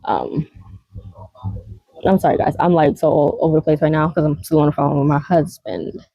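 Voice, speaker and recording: A woman chats casually to her vlog audience in a low, mellow voice, rambling from point to point with frequent little laughs. The sound is close and dry, with no room around it. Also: animated, normal speed, gravelly, no echo, low-quality recording. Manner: rambling, laughs often, many fillers. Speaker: vlogger. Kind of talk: casual chat.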